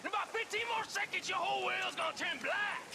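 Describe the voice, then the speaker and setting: A man's voice: extremely high pitch, fast, creaky, background noise. A mocking outlaw gunman. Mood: threatening. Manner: threatening, mocking. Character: menacing outlaw gunman man.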